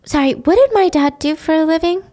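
A woman's voice: very high-pitched, animated, brisk, mellow, voice pushed up. A woman voicing a confused, upset young woman of about twenty-five who pleads in a raised voice. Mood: puzzled.

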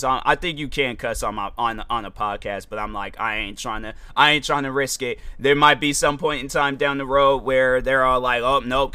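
A man's voice: mid-range voice, bright, forceful tone, clean tone, dry recording. A young man hosting a podcast, rambling through a casual commentary monologue with lots of fillers. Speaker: podcast host.

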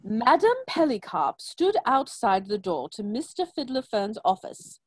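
Giggly woman reading a goofy story on her phone, slow and swoopy, dry sound. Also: fairly high pitch, very animated, slightly rough, dry recording. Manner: giggly, breaks into laughter while reading. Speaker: story reader and co-host. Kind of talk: casual reading of a comic story.

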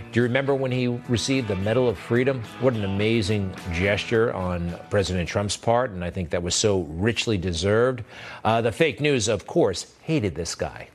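A man hosting a commentary show, delivering a sarcastic, rambling opinion monologue between clips. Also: mid-range voice.

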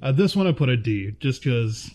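A man's voice: medium pitch, expressive, moderate pace, darkish tone. Chatty man rating movies with a friend. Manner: chatty, laughs often, searches for names aloud. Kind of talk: casual chat.

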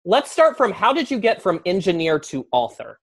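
A woman with a Southern accent hosting a casual interview, playful and expressive. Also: lowish voice, normal speed, breathy edge. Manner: playful, expressive, laughs easily. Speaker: host.

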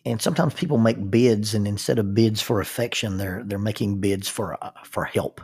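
Man, lowish voice, husky, reflective talk, rhetorical questions. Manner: thoughtful, with frequent restarts and rhetorical questions.

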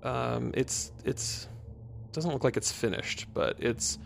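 A man's voice: medium pitch, slow, creaky, a little hiss or hum. A man narrating as game master of a tabletop game in a casual, swearing way. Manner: casual, swearing, restarts sentences. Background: background music.

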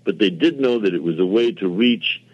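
A man's voice: lowish voice, lively intonation, moderate pace, dry recording. An older man, a television producer, telling long rambling anecdotes in a casual interview with quoted dialogue and self-mocking asides. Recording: dull lo-fi radio audio.

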